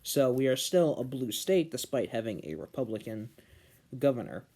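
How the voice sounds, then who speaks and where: A young man from New Hampshire giving an earnest political commentary monologue, slowing down and stressing key words. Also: medium pitch, very animated, mellow. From New Hampshire, USA. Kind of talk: casual opinion monologue.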